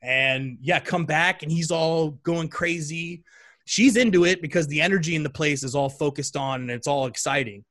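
A man telling a story in a casual chat, animated and full of fillers. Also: a little high, moderate pace. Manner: animated, chatty, many fillers.

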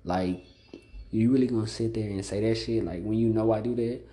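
Blunt, profane man with a dark, low voice. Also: fairly even intonation, a little fast. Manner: blunt, profane, repeats "like" constantly. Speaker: podcast host. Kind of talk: casual solo monologue.

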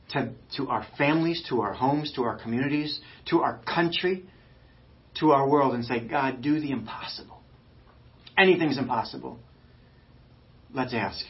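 A male pastor preaching a fired-up, emphatic sermon, swinging between loud urging and quiet, intimate stretches. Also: medium pitch, highs cut off.

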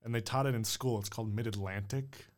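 A man's voice: on the low side, steady tone, quick pace. A man hosting his own show, musing aloud in a rambling, unsure way full of hedges. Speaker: host. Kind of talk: casual solo monologue.

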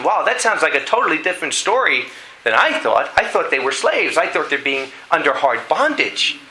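A man preaching a sermon, telling a dramatic story in an animated way and reading scripture aloud. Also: on the high side, normal speed, low-quality recording. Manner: animated storytelling, acting out voices.

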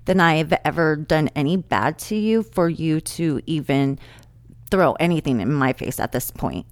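A woman with a low voice hosts a casual conversation at a moderate pace, animatedly telling stories and acting out what other people said. There's no room sound.

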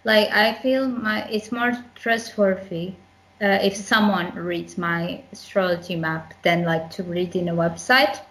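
A woman's voice: medium pitch, fairly even intonation, measured pace, a bit bright, low-quality recording. A young woman co-hosting a podcast, speaking casually and hesitantly, often restarting her sentences and laughing between phrases. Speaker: podcast co-host. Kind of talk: casual chat.

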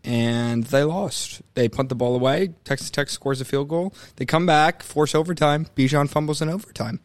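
A young man co-hosting a casual sports talk show, animated and opinionated. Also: on the high side, moderate pace, no echo. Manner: animated, opinionated, mimics coaches mid-rant. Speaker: sports podcast co-host.

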